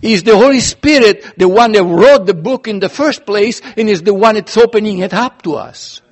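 A man's voice: high voice, normal speed. A man preaching a sermon in an earnest, emphatic way, his voice swelling and dropping as he stresses points. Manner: earnest, emphatic, with sudden rises and drops in loudness.

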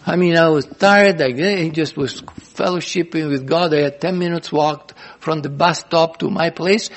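A man pastor teaching a sermon in an earnest, repetitive way, often restarting phrases. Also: a little high.

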